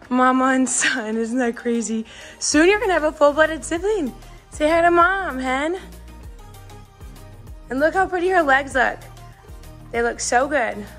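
A young woman with a slightly high voice chats her way through a horse-grooming vlog. She talks to the camera and coos at the animals beside her. Soft music runs faintly under her voice. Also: animated, unhurried, pauses often. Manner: chatty, talks to her horses in a bright coaxing voice. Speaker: vlogger and horse owner. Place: outdoors and in a barn with horses.

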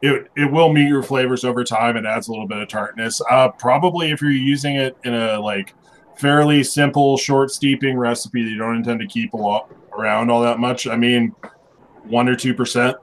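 A man's voice: mid-range voice, fairly even intonation, moderate pace, a little hiss or hum. A man co-hosting a casual show, joking loosely, laughing easily and swearing. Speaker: show co-host. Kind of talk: casual chat.

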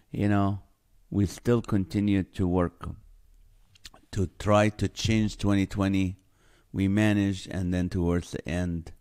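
A man's voice: fairly low pitch, darkish tone, clear, resonant tone. A man hosting a casual livestream from home, greeting viewers by name and joking as he reads their comments. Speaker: livestream host. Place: home in California.

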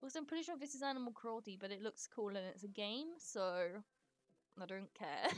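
A woman casually commenting while she streams a life-sim game, chatty and sweary, talking to her characters and breaking into excited squeals. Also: medium pitch, normal speed. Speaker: live streamer.

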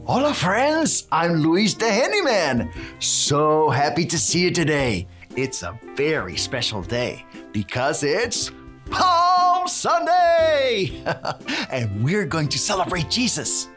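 A woman's voice: lowish voice, wildly swooping pitch, slow pace, fairly bright tone, faint music behind, heavily acted. A woman playing a cheerful handyman who teaches a children's Bible lesson, cheering and tossing in Spanish words.

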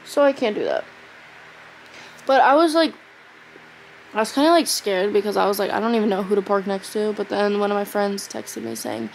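A teenage girl talks into her phone camera at home, rambling through her thoughts with plenty of "like" and "literally". She sounds worn out and drowsy, her voice sitting at an ordinary pitch. A faint hum of room ambience sits underneath. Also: expressive, brisk, gravelly, long pauses, poor audio. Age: teens. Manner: rambling, tired, filler-heavy talk. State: exhausted. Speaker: vlogger. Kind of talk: casual vlog chat.

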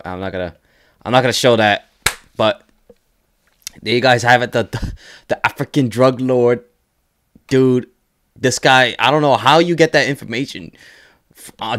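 A young man hosting a casual reaction video, excitable and swearing, full of "yo" exclamations and laughter. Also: medium pitch, clear, resonant tone.

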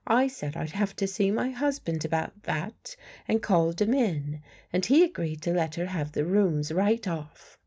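A woman's voice: lowish voice, animated, a little slow, few pauses, mellow, husky. A woman playing a blunt working-class medium. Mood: guarded.

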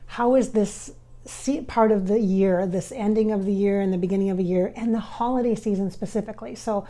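Woman medium chatting to viewers, warm mellow voice, lots of "like" and trailing off, drops quiet sometimes. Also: medium pitch. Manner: halting, filler-heavy, addresses viewers directly; often drops to soft, near-whispered asides. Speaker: spirit medium. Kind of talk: casual channeling session.

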